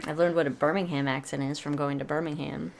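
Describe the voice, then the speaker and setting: A woman co-hosting a casual podcast, playful and quick to laugh. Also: low voice, steady tone, gravelly, crowd noise. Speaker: podcast co-host. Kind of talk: casual chat.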